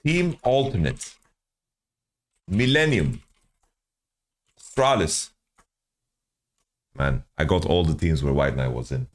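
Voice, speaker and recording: A man's voice: a bass voice, very animated, slow, pauses often. A man streaming, thinking aloud as he guesses team rosters from player nationalities, often repeating words. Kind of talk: casual stream commentary.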